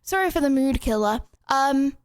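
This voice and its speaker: A woman's voice: high voice, expressive, normal speed, dry recording, studio quality. A young woman streaming live, chatting casually and giggling with her chat, a little out of breath.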